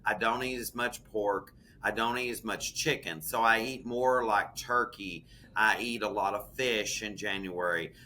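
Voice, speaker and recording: A man with a Southern US accent chatting as a podcast co-host, folksy and animated, calling the listener "honey". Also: fairly low pitch, measured pace, few pauses, a little hiss or hum. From American South. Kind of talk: casual chat.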